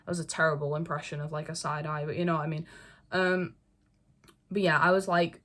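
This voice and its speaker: A woman's voice: sits low, little pitch movement, brisk, a bit bright. A young woman chatting to camera in a casual, rambling way, full of fillers and swearing. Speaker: fandom video creator. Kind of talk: casual chat, talking to camera.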